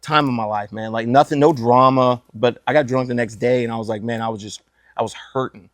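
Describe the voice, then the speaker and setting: A man's voice: medium pitch, fairly even intonation, a little fast, fairly bright tone, dry recording. Dry-sounding casual male podcast host. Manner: enthusiastic, casual, says "man" often.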